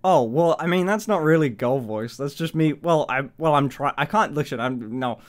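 A young man hosting a live stream, chatting in a rambling, giggly way and swearing often. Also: moderate pace. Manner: rambling, swearing, giggly, high-pitched laughs. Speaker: livestream host. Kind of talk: casual live-stream chat.

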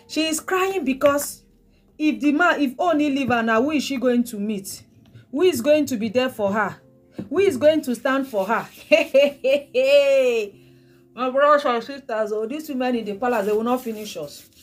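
Soft music plays behind this celebrity gossip vlogger, a Nigerian-accented woman whose voice sits high and moves at a moderate pace. She mocks her subjects for her viewers, says things over again, and breaks out laughing.

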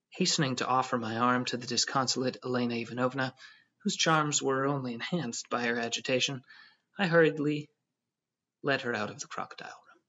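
A man narrating an audiobook in a steady, understated storytelling tone. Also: mid-range voice. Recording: dull lo-fi audio.

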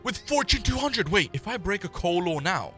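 A young man giving excited gameplay commentary, hyped and yelling complaints at the game. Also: high voice, normal speed, soft background music. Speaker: gaming YouTuber.

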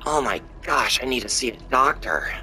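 A man's voice: mid-range voice, lively intonation, moderate pace, soft background music. Man doing a sickly, anxious woman. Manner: soft, anxious, hesitant. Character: sickly nervous woman with a cough.

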